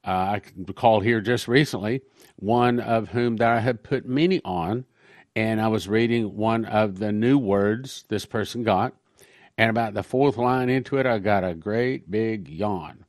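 A man's voice: fairly low pitch, measured pace, dry recording. Dry-sounding male pastor. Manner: conversational, reads quotations aloud. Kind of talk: sermon-style prophecy talk.

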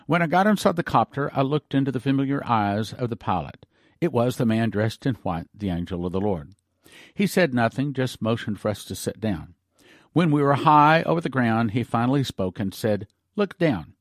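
A man's voice: medium pitch, lively intonation, normal speed, no echo. An earnest male pastor speaking on a ministry broadcast, reading aloud and then commenting. His voice sits in an ordinary middle register and is recorded close and dry.

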